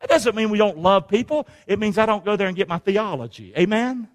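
A male pastor delivers an emphatic sermon, pausing to have the congregation repeat lines back to him. His voice sits high for a man. It rings out with the long reverb of a church sanctuary. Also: animated.

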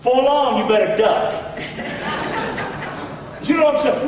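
A man with a Southern accent preaching a sermon in a folksy way, swinging between loud shouts and low asides. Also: measured pace, long pauses, noisy background. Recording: echoey hall, voice from far off.

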